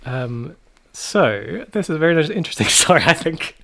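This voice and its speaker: Male co-host, light higher voice, laughs through his lines. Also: very animated, normal speed, gravelly, pushed and bright. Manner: giggly, hesitant with fillers. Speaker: podcast co-host reading news. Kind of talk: casual chat.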